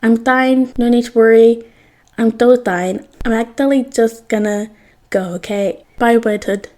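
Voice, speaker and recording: A frantic teenage boy hero who keeps insisting he is fine, as a woman reader puts him on. The voice rides noticeably higher than her own, with a mellow, soft tone. He comes across flustered and overeager. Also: lively intonation, normal speed. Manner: flustered, insisting too hard.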